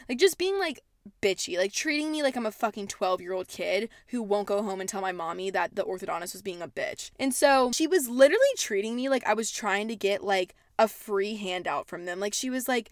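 A young woman of eighteen hosts her own podcast from home and tells stories in a chatty, animated rant. She swears all the time but keeps a bubbly tone, and her voice sits in an ordinary middle pitch. The sound is dry and close, with no room echo. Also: brisk. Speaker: podcast host. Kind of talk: casual podcast storytelling rant. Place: at home, indoors.

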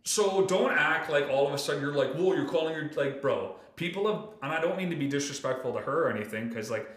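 A man's voice: on the high side, quick pace, echoey room. A man hosting a podcast, ranting in casual chat with lots of swearing. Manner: animated, profane ranting. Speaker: podcast host.

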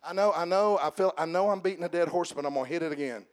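A man on the high side of the pitch range gives a sermon, joking with the congregation and speaking to them directly. He alternates between shouting, slowing for emphasis, and falling to quiet remarks on the side.

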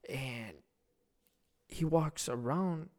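A man's voice: a little high, drawn-out words, a little mellow. A young man hosting a podcast, telling a loose, profane, rambling anecdote in casual chat. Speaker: podcast host.

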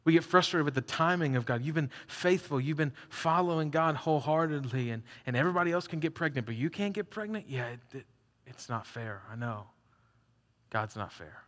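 A man preaching a sermon in an animated, conversational way, acting out the story as he goes. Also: on the high side, brisk. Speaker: pastor. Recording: long hall reverb.

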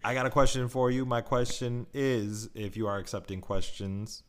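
A man's voice: mid-range voice, flat delivery, normal speed. A man co-hosting a casual movie review chat, joking and teasing. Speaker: podcast co-host.

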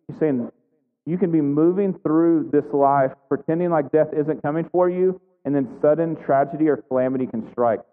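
A man giving a conversational sermon, full of questions and restarts. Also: fairly high pitch. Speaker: pastor. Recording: tinny phone-like sound in a reverberant hall.

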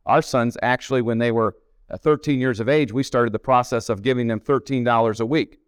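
A man's voice: medium pitch, steady tone, brisk, clean tone, no room sound. A middle-aged man preaching a sermon, telling family stories in a folksy way and repeating himself for emphasis. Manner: folksy storytelling with emphatic repetition. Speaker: pastor. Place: camp meeting hall.

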